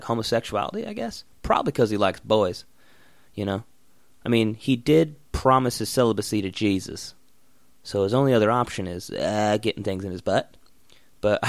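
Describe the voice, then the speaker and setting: A young man in a casual, profane rant, blunt and loud in bursts, then muttering. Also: fairly low pitch, dry recording. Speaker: vlogger.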